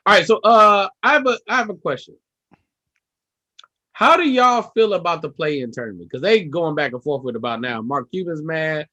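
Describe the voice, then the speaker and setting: Lively, bright-voiced man. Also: on the high side, moderate pace, highs cut off. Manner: animated, jumps in eagerly and explains things step by step. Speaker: comedian on a podcast. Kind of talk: casual comedic chat.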